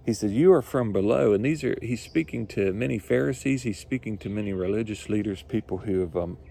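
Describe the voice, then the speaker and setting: A man's voice: fairly low pitch, brisk, creaky, dark tone, slight background noise. A male pastor preaching a sermon, earnest and repetitive, building his points with rising emphasis.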